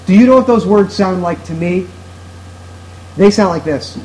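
High-voiced earnest male preacher. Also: moderate pace, pauses often, warm tone, a little hiss or hum, poor audio. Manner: earnest, repetitive, emphatic preaching. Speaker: pastor. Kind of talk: sermon.

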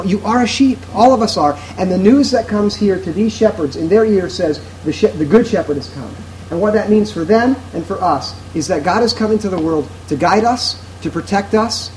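A man's voice: high voice, brisk, few pauses, darkish tone, a little hiss or hum, low-quality recording. A man preaching a sermon to his congregation in an earnest, emphatic way, driving his points home through repetition. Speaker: pastor.

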